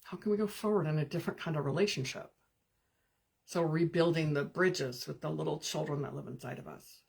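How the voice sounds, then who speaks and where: A woman with a low, gravelly, slightly rough voice hosts a live stream as a spiritual coach. She offers calm, gentle, meditative guidance with pauses and responds to viewer comments.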